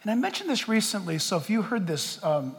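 Male pastor, high and animated, jokey yet fervent preaching; reverberant church sanctuary. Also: fairly quick. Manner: impassioned, jokey, rhetorical questions. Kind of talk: sermon. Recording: long church hall reverb.

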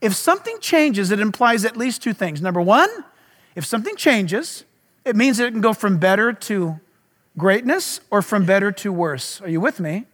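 A man's voice: sits high, expressive, moderate pace, fairly bright tone, in a large hall. A pastor preaching a sermon at a church service, emphatic, putting rhetorical questions to his audience.

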